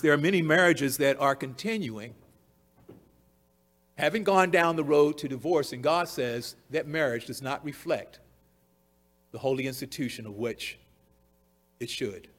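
A man preaching a sermon, repeating key phrases for emphasis and swinging from loud declarations to hushed, low passages. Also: a little slow, pauses often.

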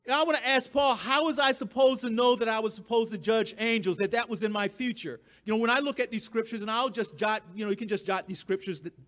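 A man's voice: very high voice, quick pace, few pauses, a bit bright. A man preaching a sermon, emphatic and given to repeating his key phrases, with the odd chuckle at his own points.

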